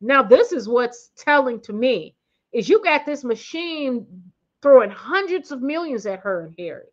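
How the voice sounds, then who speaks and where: A woman's voice: high-pitched, very animated, a little slow, lo-fi sound. Blunt, slangy woman ranting on a vlog. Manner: blunt, slangy, emphatic, with many restarts. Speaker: commentary vlogger. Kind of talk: casual opinionated commentary.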